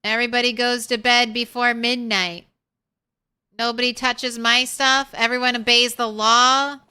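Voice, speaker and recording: A young woman chatting on a game stream in an unhurried way. Her voice is bright and smooth, a little higher than most. She rambles casually and coos at her cat. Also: little pitch movement. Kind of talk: casual live-stream chat.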